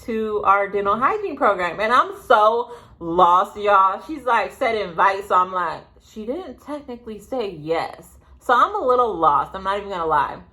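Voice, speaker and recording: A young woman telling a story to her viewers in a casual vlog, rambling and chatty with quick asides. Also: mid-range voice, expressive, bright, forceful tone. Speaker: vlogger. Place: indoors, sitting at home.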